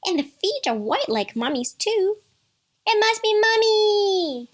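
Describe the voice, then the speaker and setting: A woman doing squeaky little goat kids. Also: moderate pace. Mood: excited. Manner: high, loud and excited. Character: seven small frightened young goat kids.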